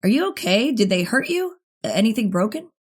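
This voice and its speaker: A woman reading an audiobook, voicing a protective teenage boy who asks anxious, fast questions. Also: medium pitch, darkish tone, natural voice.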